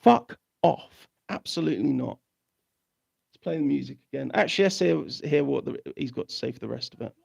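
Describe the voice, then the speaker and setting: Gravelly man ranting angrily. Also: medium pitch, animated. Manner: angry, profane, repetitive, halting. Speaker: host. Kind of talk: ranting news commentary.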